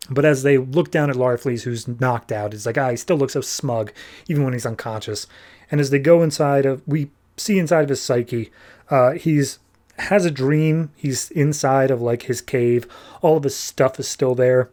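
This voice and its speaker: A man hosting a podcast, casually recapping comic book issues in a loose, chatty way, full of "like" and quickly paraphrased dialogue. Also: medium pitch, a little mellow. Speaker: podcast host.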